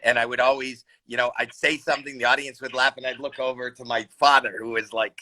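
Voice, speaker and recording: Animated man telling a story. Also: mid-range voice, quick pace, poor audio. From Canada. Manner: animated storyteller, shouts and voices people in anecdotes. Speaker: comedian guest. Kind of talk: casual storytelling chat. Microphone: video call.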